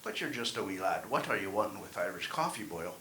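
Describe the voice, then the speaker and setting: A man voicing a teasing Irish bartender, dropping lower for the part. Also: sing-song, quick pace, bright, forceful tone, roomy sound, slight background noise, exaggerated voice.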